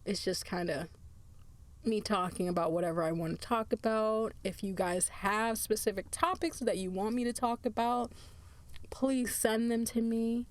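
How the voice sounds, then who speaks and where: A woman's voice: medium pitch, normal speed. A woman hosting her own podcast in casual solo chat, tired, chatty and laughing often, drifting into asides. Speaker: podcast host.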